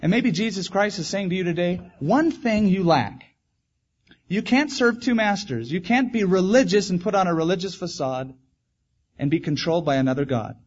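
Earnest male preacher, slightly higher voice, pressing his points home; dull, lo-fi church tape. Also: expressive, brisk. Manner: earnest, emphatic, repeats key phrases. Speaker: pastor. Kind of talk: sermon.

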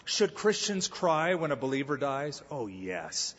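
A man's voice: medium pitch, very animated, a little slow, fairly bright tone, breathy edge. A man preaching a sermon as pastor, telling a humorous story before making his point. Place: church sanctuary. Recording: echoey hall, slightly dull sound.

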